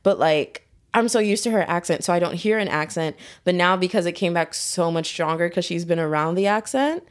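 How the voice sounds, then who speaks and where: A woman's voice: lowish voice, fairly quick. A young woman in casual podcast chat, telling stories with lots of laughter and swearing. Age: young adult. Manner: animated storytelling, swearing, laughing.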